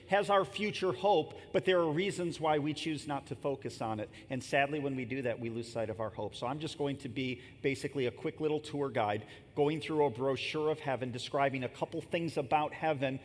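Man in his fifties preaching in a big hall. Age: 50s. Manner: conversational, storytelling preacher with asides. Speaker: pastor. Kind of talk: sermon. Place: church sanctuary. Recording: long reverb and faint rumble in a large hall.

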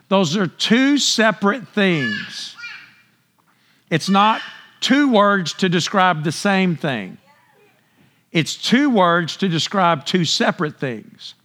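High-voiced, unhurried male preacher. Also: very animated, fairly bright tone. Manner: conversational, asks the congregation questions; acts out biblical characters in paraphrase. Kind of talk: sermon teaching.

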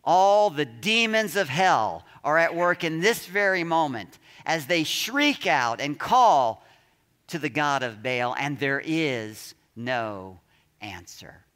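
A man preaching a sermon, reading scripture aloud and dramatizing the shouts of the story. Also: a little high, lively intonation, slow pace, clear, resonant tone, long reverb tail. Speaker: pastor.

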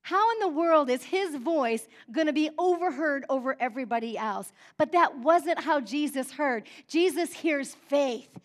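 A woman preaching a sermon, with call-and-response amens, who swings between soft, chatty asides and fervent cries. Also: high voice, animated, unhurried, few pauses. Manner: rises to fervent cries, then drops soft and conversational; repeated call-and-response "amen?".

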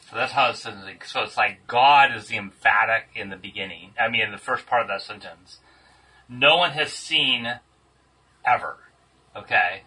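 A man's voice: on the low side, sharp tone, slightly rough. A man leading a casual group Bible study, thinking aloud and stressing key words. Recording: distant mic with faint room noise.

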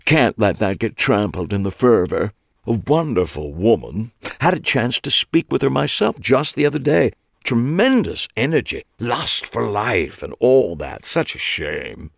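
A man voicing a flamboyant British man with a nasal accent who talks far too loudly and theatrically. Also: big pitch swings, measured pace, no echo, studio quality. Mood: somber. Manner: booming, theatrical, gossipy.

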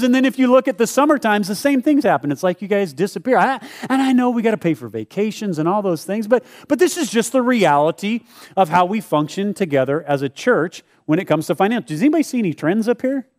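A man's voice: high voice, lively intonation, fast. A middle-aged man, a pastor, talking casually and jokingly to his congregation about giving, acting out short prayers. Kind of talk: church giving talk to a congregation. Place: church service before a live congregation.

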